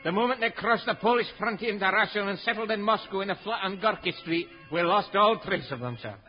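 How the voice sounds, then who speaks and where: An actor playing a dour police inspector in a 1950s radio comedy, terse with growling grunts. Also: male voice, sits high, fast talker, soft background music, lightly acted. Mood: deadpan. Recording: dull old radio recording.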